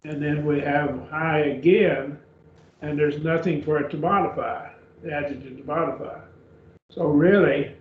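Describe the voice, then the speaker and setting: Male teacher, slow and deliberate lecture delivery, slightly higher voice, roomy dull recording. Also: fairly even intonation. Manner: slow, deliberate, repeats and spells out words. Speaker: Greek teacher. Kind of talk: classroom lecture. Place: church classroom. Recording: echoey room, dull far-off mic, faint hiss.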